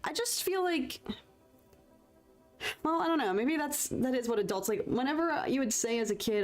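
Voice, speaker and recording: A woman's voice: fairly high pitch, sing-song, moderate pace, soft background music. A young adult woman chatting casually with her live-stream audience while painting, rambling and self-deprecating, with mild stand-in swear words.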